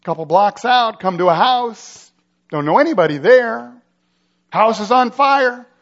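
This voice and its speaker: High-pitched male pastor preaching, dramatic, lots of questions, kinda dull lo-fi sound. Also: lively intonation, measured pace, a bit bright. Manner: dramatic, builds urgency with rhetorical questions. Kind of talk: sermon.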